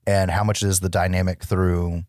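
A man's voice: sits low, little pitch movement, moderate pace, a little mellow, dry recording, clean studio sound. A man co-hosting a podcast, giving his wry, laid-back take on a horror film with some swearing. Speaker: podcast co-host. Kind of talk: casual podcast film chat.

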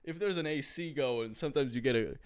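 Male comedian, smooth resonant voice, casual podcast banter, quick to laugh. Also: medium pitch. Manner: laughs often, jokey storytelling.

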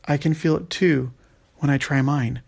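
A man's voice: fairly high pitch, fairly even intonation, normal speed, gravelly, a little mellow. A man voicing a big, grumbling troll who complains and gets suspicious. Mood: gruff. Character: grumbling troll, male, big and slow-witted.

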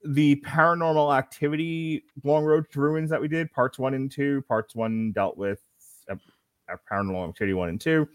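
A man's voice: mid-range voice, fairly quick, no room sound, clean studio sound. A man hosting a podcast movie review, reading critics' quotes with joking asides in casual chat. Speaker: podcast host.

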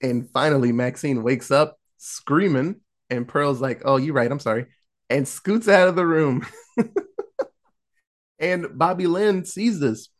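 Here a man with a fairly high, slow voice gives a casual recap of a horror movie on a podcast. He acts out what the characters say, with plenty of laughs and profanity in his animated telling.

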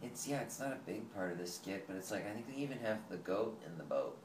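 A man as a podcast guest in casual chat, chatty and quick to laugh. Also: low-pitched, expressive, a little mellow. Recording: roomy, distant from the mic, noisy.

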